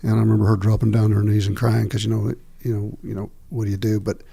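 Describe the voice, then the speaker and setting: Middle-aged man, podcast guest; gravelly, warm and dark, halting candid storyteller. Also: fairly low pitch, level tone. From Texas. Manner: halting, many filler pauses and restarts.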